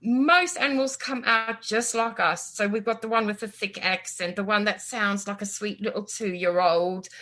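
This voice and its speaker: Bright, lively woman telling stories. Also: medium pitch, normal speed, few pauses. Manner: lively storyteller, acts out quotes. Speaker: guest, animal communicator. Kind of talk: casual interview chat.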